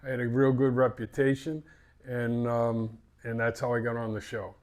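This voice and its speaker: A man's voice: medium pitch, level tone, normal speed, a little mellow. An older man with a Boston accent, a fishing captain telling stories in a casual interview, rambling and repeating words. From Massachusetts.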